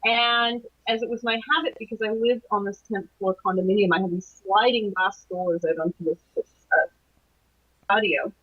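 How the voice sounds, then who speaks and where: A middle-aged woman recounting a strange night in an interview, her voice slightly husky and breathy. She hesitates, fills pauses and restarts her sentences as she goes. The sound is muffled and lo-fi, like a remote call. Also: medium pitch, steady tone. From Canada. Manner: hesitant, many restarts and fillers. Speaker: guest, anomalies researcher. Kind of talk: recounting a personal experience in an interview. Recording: dull lo-fi call audio.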